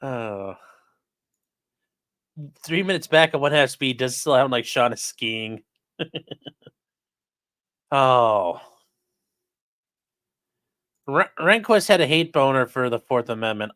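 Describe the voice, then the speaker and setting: A man's voice: medium pitch, very animated, takes it slowly, pauses often, fairly bright tone, dry recording. A man casually commenting on court cases for a livestream chat, sarcastic and blunt, with the odd curse. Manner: sarcastic, talks straight to chat, swears. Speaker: streamer discussing court cases.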